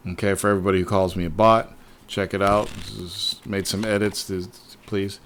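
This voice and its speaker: A man hosting a casual livestream, talking excitedly and swearing often as he rambles to his viewers. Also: low-pitched, moderate pace, a little hiss or hum. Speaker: livestream host.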